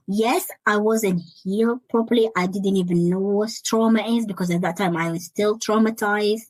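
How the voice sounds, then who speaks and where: A young adult woman guest sharing a personal story in an interview, earnest and halting, often repeating words as she searches for them. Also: mid-range voice, fairly even intonation, darkish tone, no echo, poor audio. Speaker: interview guest, life coach. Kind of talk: personal testimony in conversation.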